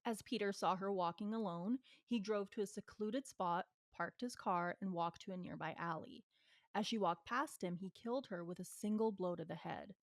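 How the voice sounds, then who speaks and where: A woman's voice: mid-range voice, moderate pace, dry recording. A woman co-hosting a true-crime podcast, asking curious questions and narrating case details steadily. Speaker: podcast co-host.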